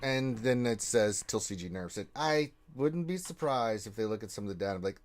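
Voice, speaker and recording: A man hosting a casual gaming livestream, reading out chat messages and giving loud shout-outs to viewers. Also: fairly low pitch, expressive, moderate pace, few pauses.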